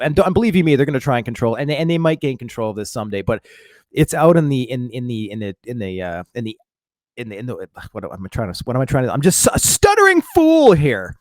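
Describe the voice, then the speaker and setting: A man's voice: medium pitch, sing-song, fairly quick, dry recording, clean studio sound. Rambling man venting on a vlog. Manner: rambling, heavy fillers and restarts, swears, self-mocking. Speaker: vlogger. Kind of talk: casual rambling monologue to viewers.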